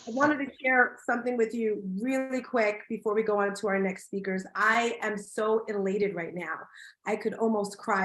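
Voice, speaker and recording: A woman's voice: mid-range voice, a bit bright. A middle-aged woman hosting an online summit, telling a personal story to her audience in a heartfelt, emotional way. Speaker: summit host. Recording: echoey room.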